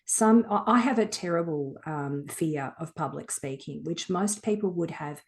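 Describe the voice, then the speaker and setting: A woman guesting on a podcast speaks in a lowish voice. She talks candidly and reflectively, with an earthy turn of phrase. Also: moderate pace. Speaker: guest author. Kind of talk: casual interview talk.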